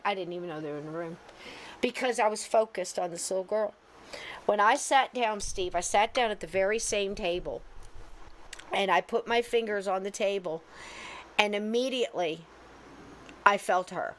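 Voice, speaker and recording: A middle-aged woman, a podcast co-host and medium, telling a story in a casual, earnest way and softly quoting her own gentle words. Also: medium pitch, slight background noise. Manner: earnest, soft-spoken retelling with gentle quoted asides.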